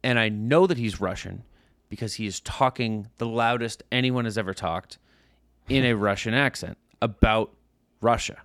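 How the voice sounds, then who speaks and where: A man's voice: lowish voice, no room sound, clean studio sound. A man in his thirties, a podcast co-host, telling a casual story and acting out the people in it. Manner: animated storyteller, acts out overheard voices.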